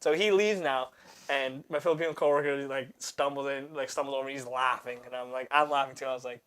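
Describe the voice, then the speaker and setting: A young man on a podcast, swearing a lot and telling an animated story in casual chat. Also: mid-range voice, brisk, clear, resonant tone. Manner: animated, swearing anecdote-teller.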